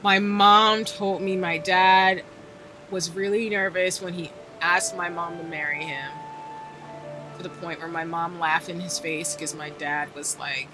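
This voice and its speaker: A woman's voice: on the low side, fairly even intonation, unhurried, music in the background. Chatty laughing woman streamer. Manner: chatty, laughs often, rambling storytelling. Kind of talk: casual chat while gaming. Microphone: desk microphone.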